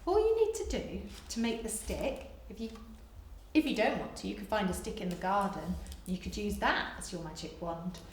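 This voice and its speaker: A woman, a primary school teacher giving a remote lesson to young children, dictating slowly and praising a lot. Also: mid-range voice, animated, roomy sound, slight background noise. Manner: slow, exaggerated dictation with big praise.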